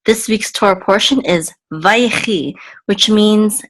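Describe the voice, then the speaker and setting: A woman's voice: mid-range voice, slow pace, a bit bright, a little hiss or hum, poor audio. A woman hosting a Hebrew reading lesson, patiently sounding out words syllable by syllable. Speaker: Hebrew teacher. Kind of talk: slow step-by-step reading lesson.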